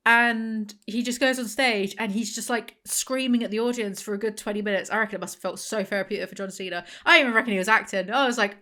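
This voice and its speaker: A woman's voice: mid-range voice, fairly even intonation, quick pace, hardly any pauses, bright, forceful tone. Rambling sarcastic woman reviewing a book. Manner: rambling, sarcastic, goes off on tangents. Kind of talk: casual chat.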